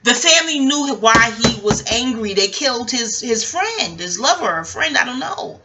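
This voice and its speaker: Woman vlogger, fairly high and sharp voice, cursing freely and rambling off topic. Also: very animated, normal speed, hardly any pauses, slight background noise. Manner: profane, digressive, talks straight to viewers. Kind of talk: casual rambling storytelling.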